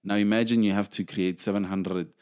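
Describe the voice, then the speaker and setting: A South African man ranting in casual commentary, angry and emphatic, with many restarts, loud outbursts and low mutters. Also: fairly even intonation, brisk, clear, resonant tone.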